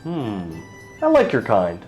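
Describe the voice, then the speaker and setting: A man's voice: fairly low pitch, wildly swooping pitch, slow, a little mellow, dull audio, faint music behind, full character voice. A man voicing a pompous, boastful male human knight in a tabletop role-play game, speaking in a grand, self-important way. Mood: proud.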